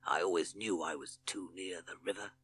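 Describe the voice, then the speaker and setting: A man's voice: low voice, normal speed, fairly bright tone, breathy edge. A man voicing a sly, hissing male snake villain in a children's storybook reading, with a whispery manner. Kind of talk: storybook character voice.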